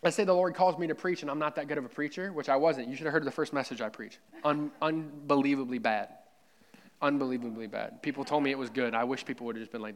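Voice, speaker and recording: A man's voice: mid-range voice, quick pace. A man preaching a sermon in a church, fervent and conversational, repeating himself and talking straight to his listeners. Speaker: pastor.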